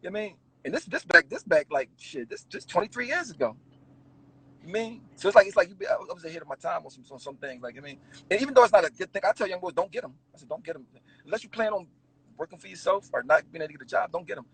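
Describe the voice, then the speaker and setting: Animated man telling raw stories. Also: sits high, very fast, breathy edge, rough recording. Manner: animated, swearing, laughing storyteller. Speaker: interview guest, rapper. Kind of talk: casual storytelling interview.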